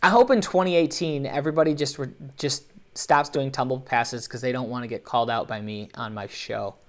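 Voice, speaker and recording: A man hosting a live online show, commenting on competition videos with animated, joking, playfully sarcastic energy. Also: mid-range voice, a little fast.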